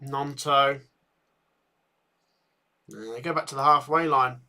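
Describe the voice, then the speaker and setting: Bright-voiced fan commentating live. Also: male voice, medium pitch, takes it slowly. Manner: excitable bursts at chances, chatty with viewers. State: tired, yawning. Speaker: football watchalong host. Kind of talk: live match commentary and chat.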